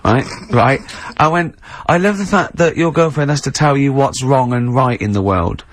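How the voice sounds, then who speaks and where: A man's voice: medium pitch, normal speed, slight background noise. An English man hosting a radio show, telling stories and quoting a friend in casual banter. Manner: storytelling, quoting a friend with laughs. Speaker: radio host. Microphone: studio microphone.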